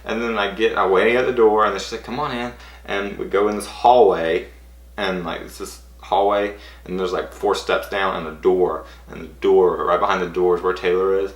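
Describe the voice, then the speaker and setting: A man's voice: low voice, little pitch movement, normal speed. A man eagerly retelling a personal story to camera, rambling and full of "like". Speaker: vlogger. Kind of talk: casual storytelling. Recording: roomy echo.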